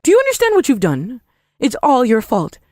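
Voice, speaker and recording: A woman's voice: fairly high pitch, huge pitch swings, a little mellow, dry recording, studio quality. A woman voicing a shameless older mother-in-law who blames everyone but herself, in a dramatized story. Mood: defiant. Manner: defiant, self-pitying, quick to blame.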